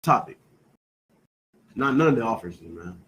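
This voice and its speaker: In a low-quality recording, a man with a fairly low, fairly bright voice leads a scripture class in an animated but unhurried way. He fires question after question back at his students, hammering key words in a call-and-response rhythm. "You know what I'm saying" pops up throughout his talk.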